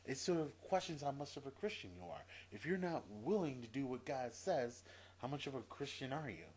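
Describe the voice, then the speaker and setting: A man's voice: expressive, fairly quick, breathy edge. Exasperated man ranting with profanity. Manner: exasperated, profane, repeats himself, swings from low mutter to loud. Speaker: video blogger. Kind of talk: profane opinion rant to camera.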